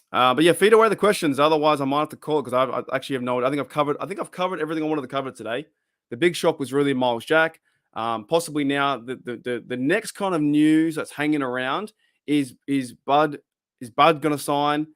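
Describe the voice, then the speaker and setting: A man's voice: mid-range voice, fairly bright tone, no room sound, clean studio sound. A man with an Australian accent hosting a fan live stream, chatting casually, laughing often and trailing off into restarts. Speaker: fan channel host.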